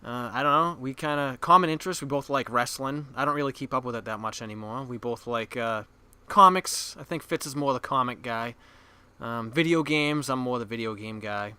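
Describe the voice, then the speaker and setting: Bright-voiced Boston man, crude and joking. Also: mid-range voice, brisk, clear, resonant tone. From Boston area. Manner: crude, self-mocking, laughs often. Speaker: podcast co-host. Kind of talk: casual chat. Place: basement room.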